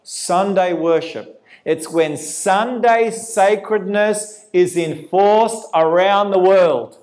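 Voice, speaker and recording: A man preaching a prophecy sermon, animated and asking his listeners rhetorical questions. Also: high-pitched, slow.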